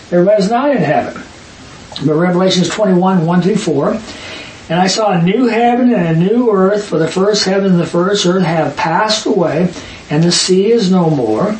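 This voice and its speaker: A man leading a Bible study, reading verses aloud and arguing his points emphatically with quick asides. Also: sits high. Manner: emphatic, rapid asides, reads scripture aloud. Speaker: Bible teacher. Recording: echoey room, distant mic, faint hiss.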